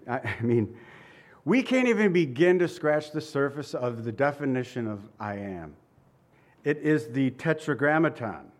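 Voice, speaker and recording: A man preaching a sermon with emphatic repetition and light asides, now and then chuckling. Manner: emphatic, repeats phrases, shifts pitch for quoted lines.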